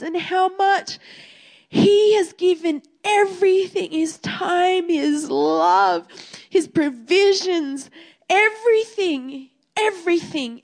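A woman sharing an emotional spoken testimony in a heartfelt, repetitive way, as a ministry speaker. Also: very high-pitched.

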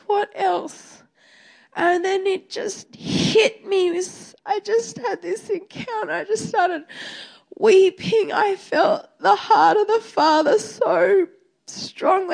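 A woman's voice: very high voice, fairly even intonation, takes it slowly, gravelly. A woman sharing an emotional spoken testimony in a heartfelt, repetitive way, as a ministry speaker.

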